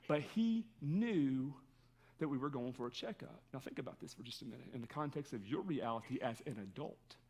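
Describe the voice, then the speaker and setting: A male pastor giving a conversational sermon, telling a personal story in an earnest way. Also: mid-range voice.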